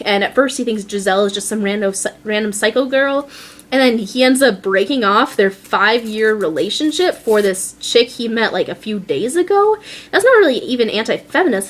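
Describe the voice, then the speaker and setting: A young woman vlogging in a casual, gushing way, filling her talk with "like" and "um" and acting out movie lines in little voices. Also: medium pitch. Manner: many fillers like "like" and "um". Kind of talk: casual chat to camera.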